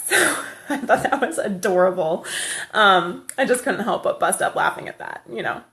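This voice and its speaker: A woman's voice: mid-range voice, animated, normal speed, fairly bright tone. Woman vlogger, casual storyteller, laughs easily, handheld camera. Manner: chatty, laughs often.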